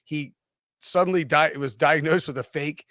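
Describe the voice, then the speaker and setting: A man from North Carolina hosting a sports podcast, rambling and animated with frequent restarts. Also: on the high side, moderate pace, no echo. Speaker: podcast host. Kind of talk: casual sports podcast chat.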